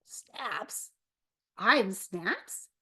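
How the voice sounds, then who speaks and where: A woman voicing a shy, gentle young boy crocodile who talks in a soft, hesitant way. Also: mid-range voice, expressive, drawn-out words, breathy edge, voice pushed down, full character voice. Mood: unsure.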